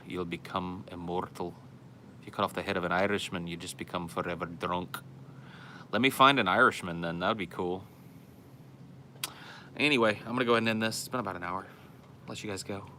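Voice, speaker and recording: A man hosts a podcast in offhand, sarcastic casual chat, reading out listener comments and swearing freely. His voice sits on the low side but comes across bright and forceful. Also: fairly quick, slight background noise.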